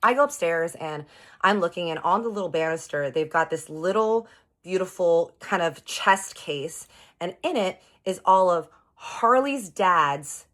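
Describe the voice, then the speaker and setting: A young woman telling a long personal story to her viewers in a chatty, animated, slangy way. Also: low voice, moderate pace. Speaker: storytime vlogger.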